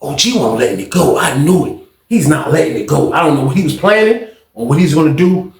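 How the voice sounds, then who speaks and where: A man telling a story in a casual, animated, slangy way, with plenty of swearing. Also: on the high side, fairly quick. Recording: echoey room.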